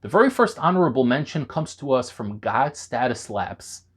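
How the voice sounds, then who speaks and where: A man talking straight to camera in an animated, conversational way, reviewing pre-workout supplements for his viewers. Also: mid-range voice, moderate pace, husky. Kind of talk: enthusiastic product review vlog.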